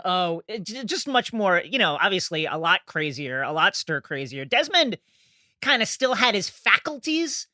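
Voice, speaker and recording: A man co-hosting a casual movie podcast, talking in an animated way. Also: high voice, normal speed, no echo, studio quality. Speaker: podcast co-host.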